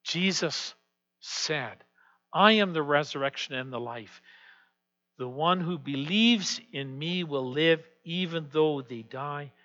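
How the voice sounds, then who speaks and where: A man preaching a sermon as pastor, swinging from hushed, quiet passages to loud, emphatic declarations. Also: a little high. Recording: dull lo-fi sound with long hall reverb.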